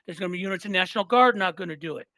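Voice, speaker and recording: Animated, swearing male podcast guest. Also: high voice, rapid-fire, no room sound. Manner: animated, swearing, retells comedy bits; emphatic, repeats himself for stress. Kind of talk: casual podcast chat.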